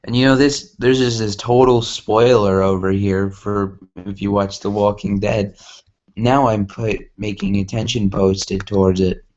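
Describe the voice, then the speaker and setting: A man's voice: fairly low pitch, flat delivery, a little slow, darkish tone, dull audio. A man rambling casually, self-mocking, while reading a story aloud over a game. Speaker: gameplay vlogger.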